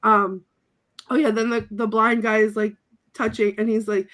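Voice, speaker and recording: A woman's voice: fairly high pitch, moderate pace. A woman co-hosting a podcast, chatting casually and laughing a lot as she retells scenes and acts out the lines. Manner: giggly, animated, acts out quoted lines. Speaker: podcast co-host reviewing a film. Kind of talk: casual chat, recounting scenes from notes.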